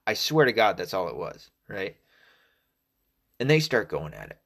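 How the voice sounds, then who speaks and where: This young man hails from Arkansas and carries a faint Southern accent. His fairly low voice swings widely in pitch at a moderate pace as he rambles through a casual, profane monologue full of restarts.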